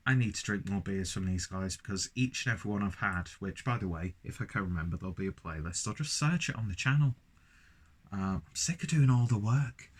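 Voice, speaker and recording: A man's voice: fairly low pitch, a bit bright. A young man from London with a London accent, reviewing a beer in an enthusiastic, rambling monologue full of self-mocking asides. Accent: London English.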